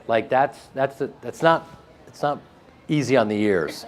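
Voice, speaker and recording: A man with a flat Midwestern American accent, answering interview questions in a casual, joking way and laughing often. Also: medium pitch, a little slow. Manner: animated, joking, laughs often, with frequent restarts. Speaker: actor being interviewed.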